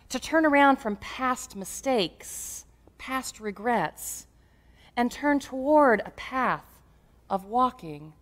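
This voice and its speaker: A woman pastor delivering a sermon with lively, humorous storytelling. Her voice sits a little high for a woman, and she leans into the stories with playful asides.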